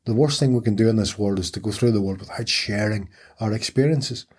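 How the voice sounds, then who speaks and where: A man's voice: fairly low pitch, brisk, breathy edge. A middle-aged man, telling his story candidly and earnestly as an interview guest, repeating phrases for emphasis.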